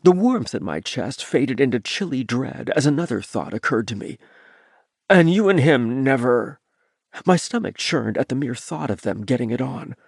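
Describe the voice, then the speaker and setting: A man narrates a first-person story for an audiobook, his pitch moving freely up and down as he reads. The sound is dry and close, with no room around it. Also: moderate pace, vocal fry, few pauses, husky, no room sound. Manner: lively, expressive reading.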